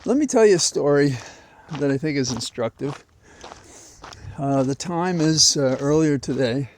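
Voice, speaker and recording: A man talking into a portable mic while out on a walk, rambling and reflective with many pauses. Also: fairly high pitch, lively intonation, slight background noise. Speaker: vlogger. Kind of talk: walking commentary. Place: outdoors on a walk. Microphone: portable mic carried while walking.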